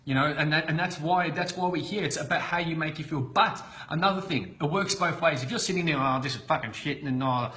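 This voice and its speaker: A man giving an unscripted motivational talk on a live stream, blunt and excitable, swearing constantly. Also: a little high. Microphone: computer webcam.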